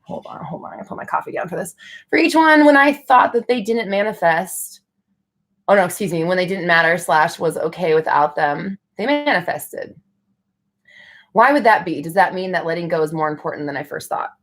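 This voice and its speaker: Casting note: young adult woman, lower-pitched, chatty livestream host, blunt and casual. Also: expressive, a little fast. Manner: chatty, frank, swears casually, laughs often. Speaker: livestream host answering viewer questions. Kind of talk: casual live Q&A chat.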